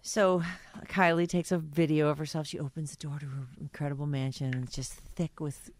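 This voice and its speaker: A woman hosting a radio show, chatting casually and gossiping with an animated, laughing delivery. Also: sits low, a little fast, a little hiss or hum. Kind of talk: casual morning-show chat.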